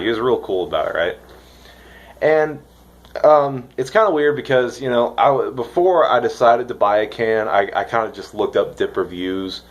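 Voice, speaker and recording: A young man from the United States rambling excitedly in a casual vlog, swearing now and then. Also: mid-range voice, moderate pace. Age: young adult. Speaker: vlogger reviewing dip.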